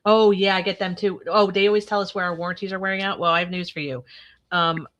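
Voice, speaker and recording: A woman's voice: fairly low pitch, steady tone, fast, a bit bright, dull audio. A woman hosting a casual live chat, talking freely and laughing often as she tells stories. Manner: chatty, laughs often, acts out her husband's lines. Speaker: host.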